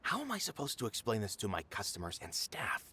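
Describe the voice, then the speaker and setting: A stern, caring theater manager with a bright, forceful voice. He talks gruffly and firmly, with lively pitch swings. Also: a little fast, exaggerated voice. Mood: indignant. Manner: gruff, firm.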